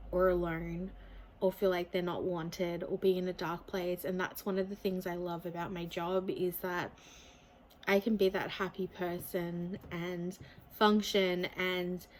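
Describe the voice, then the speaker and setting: A woman's voice: mid-range voice, low-quality recording. A young adult woman speaking candidly and openly to camera in a personal confessional vlog. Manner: candid, open, speaks from feeling. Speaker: vlogger.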